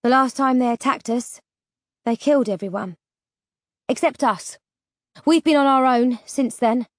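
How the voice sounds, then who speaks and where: A scrappy, blunt orphan girl voiced by a woman narrator in a storybook reading, a touch higher than the narrator's own voice. She fires off sharp, teasing retorts. The audiobook recording is dry and close. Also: a little slow, dry recording. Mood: somber. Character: scrappy young female orphan, bold and blunt.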